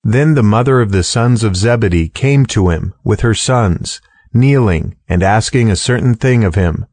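A man narrating scripture in a steady, clear, formal way. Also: fairly low pitch, moderate pace, no room sound, clean studio sound. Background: music underneath.

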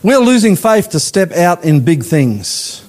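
A man's voice: big pitch swings, a little mellow. Man preaching emphatically. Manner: emphatic preaching, slow deliberate phrasing with rising and falling pitch. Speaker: pastor. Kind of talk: sermon. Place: church.

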